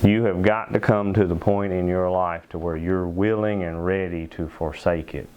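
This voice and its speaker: A man preaching a sermon as pastor in a church, emphatic, slowing down to stress key phrases. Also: deep voice, steady tone, darkish tone, a little hiss or hum. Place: church sanctuary.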